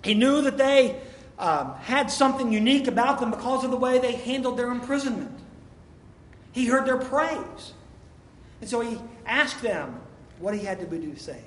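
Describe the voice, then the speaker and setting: A pastor preaches in a church sanctuary, his very high-pitched voice expressive at a normal speed, pressing his sermon emphatically and filling it with rhetorical questions. The echoey hall carries a faint room ambience.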